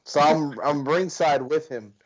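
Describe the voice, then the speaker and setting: A man co-hosting a casual podcast chat, recounting events calmly in an even tone. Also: on the high side, measured pace. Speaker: podcast co-host. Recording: dull lo-fi audio.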